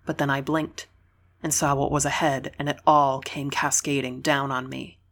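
A woman reading a novel aloud in the first person, calm, measured and reflective. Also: very deep voice. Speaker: audiobook narrator.

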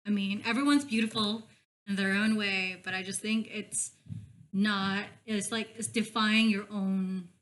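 A woman's voice: mid-range voice, fairly even intonation, measured pace, a bit bright. Chatty young woman, filler-heavy. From Philippines. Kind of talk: casual group chat.

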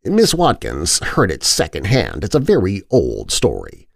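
A man's voice: low voice, wildly swooping pitch, a little slow, vocal fry, breathy edge, no room sound, clean studio sound, full character voice. A man voicing an older woman servant telling an old story. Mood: reminiscing.

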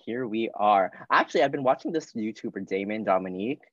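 A man's voice: on the low side, lively intonation, a little fast, dry recording. A young man hosting a podcast in casual chat, rambling along with lots of fillers. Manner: chatty, rambling, filler-heavy. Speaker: podcast host. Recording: dry, dull lo-fi sound.

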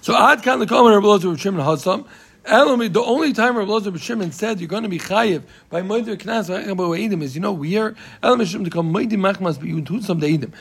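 High-voiced gravelly man leading a Talmud class. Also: fast talker. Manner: animated, excitable, explains by repeating and acting out cases. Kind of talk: lively Talmud study session.

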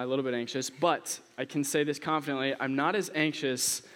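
A man's voice: on the high side, fairly bright tone. A young man giving a casual sermon, a chatty, self-deprecating storyteller who jokes before his Bible teaching. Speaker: youth preacher. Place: church hall. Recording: long hall reverb.

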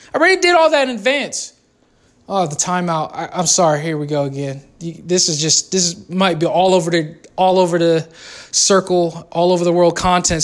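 A man giving a casual movie review on his vlog, rambling and excitable, jumping between topics and correcting himself as he goes. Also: high-pitched.

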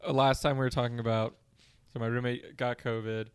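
A man's voice: medium pitch, little pitch movement, brisk, clear, resonant tone. A congested man, co-hosting a casual podcast and rambling anxiously. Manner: rambling, anxious, self-deprecating. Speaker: podcast co-host. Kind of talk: casual chat. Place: room at home.

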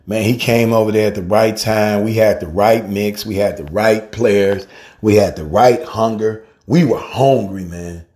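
Low-voiced man giving a slangy tribute. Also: measured pace. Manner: casual and slangy, calls the listener family and man; animated storyteller, softens when grieving. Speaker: guest speaker. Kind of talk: heartfelt spoken tribute.

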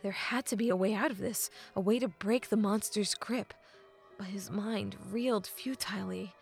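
Gravelly-voiced woman narrating a novel. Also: mid-range voice, soft background music. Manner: measured, often dropping to a hushed half-whisper. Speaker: audiobook narrator.

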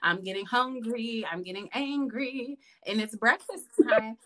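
A woman, a podcast guest, chatting casually and telling lively stories with lots of laughter. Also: on the high side, a little slow, a crowd in the background. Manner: animated, laughing, calls listener "girl". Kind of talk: casual storytelling chat.

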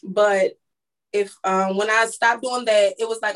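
A woman's voice: medium pitch, fairly even intonation, a little slow, fairly bright tone. A woman who works as a makeup artist, telling her story in a casual interview, rambling and acting out what people said. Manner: rambling, restarts, acts out quoted dialogue. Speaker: guest, makeup artist and lash business owner.

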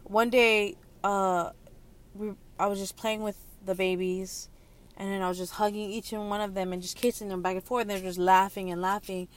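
Emotional young mother, halting and teary. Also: medium pitch, flat delivery. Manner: halting, emotional, many restarts and pauses. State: close to tears. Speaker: young mother sharing her story. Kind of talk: candid personal monologue.

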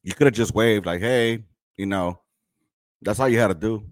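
A man's voice: lowish voice, brisk, no room sound. A man hosting a podcast, talking bluntly and profanely about military life while reacting to clips. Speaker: podcast host; military veteran. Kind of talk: casual commentary on clips.

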